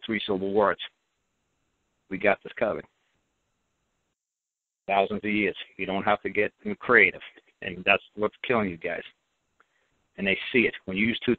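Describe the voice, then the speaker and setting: A man's voice: lowish voice, fairly even intonation, brisk, pauses often, no echo. Blunt man on a tinny radio line. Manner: blunt, emphatic, repetitive. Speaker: radio show host. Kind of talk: call-in radio talk. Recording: dry, tinny phone-like audio.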